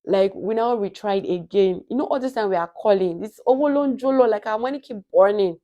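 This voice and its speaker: A young Nigerian woman vlogger with a Nigerian accent, telling a personal story in a casual, animated way and acting out the dialogue. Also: medium pitch, brisk, lo-fi sound. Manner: animated, acts out quoted dialogue.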